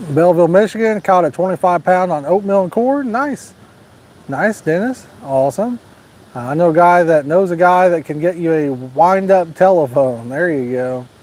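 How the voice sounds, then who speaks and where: A man with a high-sitting, slightly mellow voice hosts his fishing channel's live stream outdoors at night. He reads out viewer comments in a folksy, joking, laid-back way.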